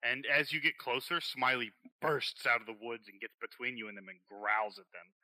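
A man narrating a tabletop game as game master in a lively way, laughing easily. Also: medium pitch, normal speed, low-quality recording.

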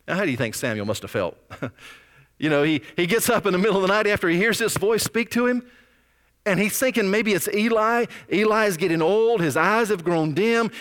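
A man preaching a sermon, telling stories in a conversational, animated way. His voice sits a little high. A long hall reverb trails behind him. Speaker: pastor.

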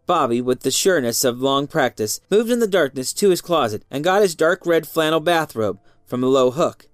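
An expressive storyteller reading a tale aloud. The pitch moves a lot, rising and falling through the sentences. The recording is dry and close, with faint music underneath. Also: dry recording. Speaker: narrator.

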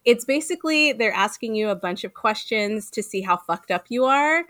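A woman co-hosting a gaming podcast in casual chat, talking fast with many fillers and frequent laughs. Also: fairly high pitch, expressive, a bit bright, dry recording, studio quality. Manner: chatty, fillers of "like", laughs often. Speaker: podcast co-host.

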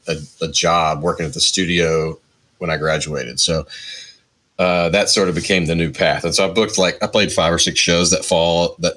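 A man in his forties, a musician guest, telling his story in a relaxed, rambling way with many hedges. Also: extremely low pitch. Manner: rambling, lots of hedges and restarts. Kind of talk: casual interview storytelling.

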